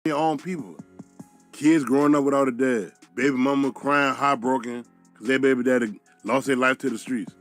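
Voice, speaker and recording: A man's voice: mid-range voice, steady tone, normal speed, soft background music. A man giving blunt, mocking commentary in a played clip.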